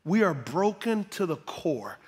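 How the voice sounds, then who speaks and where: A male pastor preaching a sermon with great energy, repeating words for emphasis and swinging between loud exclamations and hushed tones. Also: sits high, big pitch swings, a little slow, slightly rough, big-room sound.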